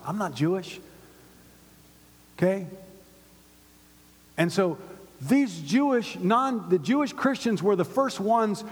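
A man preaching a sermon to his church, with call-and-response and swings from hushed to loud. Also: high voice. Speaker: pastor. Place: synagogue hall used by a church. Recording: long reverb of a large hall.

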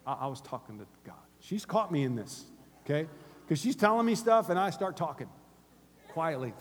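A middle-aged male pastor preaching a sermon in a church, moving between hushed conversational asides and loud urgent exhortation. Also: a little high, big pitch swings, normal speed, a little hiss or hum. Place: church sanctuary. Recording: long hall reverb.

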